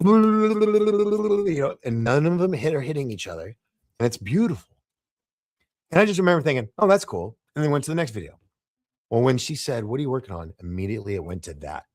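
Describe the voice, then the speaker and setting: A man guest on a podcast, telling a story in a casual, animated way, laughing often and stumbling over his words. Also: mid-range voice, no room sound, studio quality.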